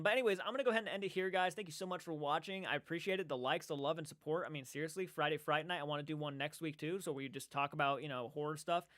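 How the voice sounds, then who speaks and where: A man chatting casually on a livestream from an indoor room, rambling and excitable as he restarts his sentences. His voice is a little high and bright. The sound is dry and close. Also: no echo. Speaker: livestream host.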